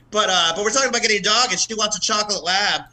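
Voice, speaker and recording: A man's voice: sits high, fast talker, pushed and bright, poor audio. A man from the American South doing a casual, profane stand-up set at an open mic, laughing at his own jokes. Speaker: stand-up comedian.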